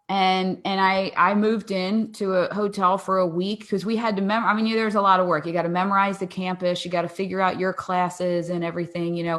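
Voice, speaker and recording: Animated woman telling a family story. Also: medium pitch. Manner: animated storyteller who acts out dialogue and laughs often. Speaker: podcast guest. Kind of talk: casual interview storytelling.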